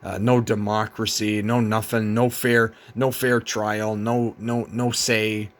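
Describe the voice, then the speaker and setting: A man's voice: on the low side, level tone, slow pace. A man vlogging in a rambling, casual monologue, weary and profane, with many fillers and restarts.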